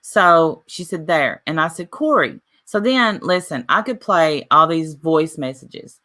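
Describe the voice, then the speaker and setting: A YouTuber with a notably low yet bright and forceful voice talks directly to her viewers in a casual vlog, expressive and unhurried. She retells an argument line by line, repeatedly switching between "I said" and "she said" and reading messages aloud.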